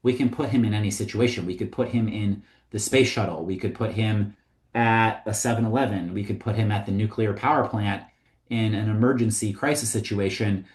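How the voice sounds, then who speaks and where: A man teaching comedy writing in a casual, conversational way, often pausing with "um" and "like". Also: fairly low pitch, steady tone, darkish tone. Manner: conversational, with frequent ums and likes. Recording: roomy echo.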